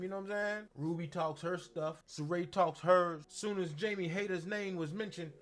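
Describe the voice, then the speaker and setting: High-voiced man with a slangy, animated recap. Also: fairly quick, hardly any pauses. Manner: slangy, animated, acts out quotes in exaggerated voices. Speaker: wrestling show reviewer. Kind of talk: casual recap commentary.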